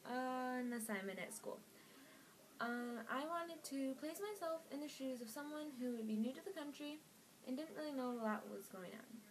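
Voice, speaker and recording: A woman's voice: on the high side, darkish tone, rough recording. A teenage woman chatting to camera, telling a story in a bubbly way while tired late at night. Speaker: vlogger. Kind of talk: casual chat to camera.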